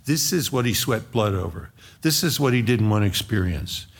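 A man preaching a sermon, slow and dramatic, rising to loud outbursts when quoting scripture. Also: on the low side, animated, vocal fry, slightly rough.

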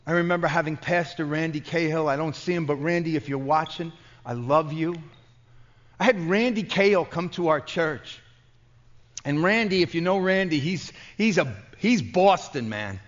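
A man's voice: a little high, lively intonation, normal speed. A man with a New York accent preaching at a conference, telling stories with passion and frequent stammering restarts. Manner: impassioned, stammering restarts, storytelling. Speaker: pastor. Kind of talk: conference sermon. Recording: dull lo-fi recording.

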